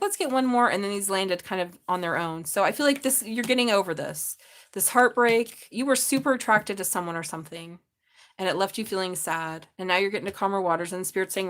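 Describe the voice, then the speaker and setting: A woman's voice: medium pitch, fairly bright tone. A woman giving a live tarot reading, chatty and laughing often, swearing freely and calling viewers babe. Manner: talks straight to viewers, calls them babe. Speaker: tarot reader.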